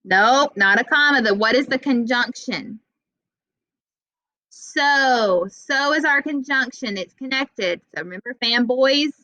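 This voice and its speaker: A young adult woman teaching an online writing class, patient and encouraging, reading example sentences slowly. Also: on the high side, pushed and bright, dry recording, muffled recording. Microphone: video call.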